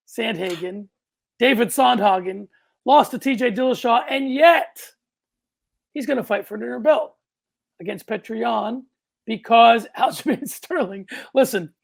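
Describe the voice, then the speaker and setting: Gravel-edged and pitched extremely high, this man's voice belongs to a co-host on a casual sports podcast. He rambles excitedly, frequently starts his sentences over, and erupts into loud bursts.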